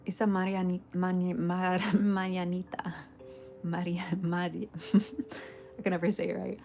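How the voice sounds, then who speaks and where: A young woman streamer with a somewhat low voice talks casually to her chat, bubbly and quick to giggle. Faint game music plays softly in the background. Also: little pitch movement, creaky. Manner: bubbly, giggly, chatting to viewers. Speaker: livestreamer.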